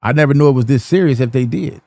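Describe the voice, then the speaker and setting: A man's voice: medium pitch, fast talker, dark tone, no echo. Dry-voiced man hosting a reaction video. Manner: stammering, repeats himself, talks straight to viewers. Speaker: reaction channel host. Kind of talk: casual reaction commentary to viewers.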